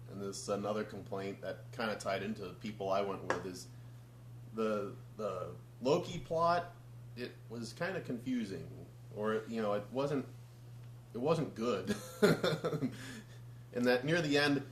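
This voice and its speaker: A man's voice: fairly low pitch, measured pace, reverberant, slight background noise. A man in casual review chat, easygoing and a bit hesitant, with wry asides. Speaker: co-host film reviewer.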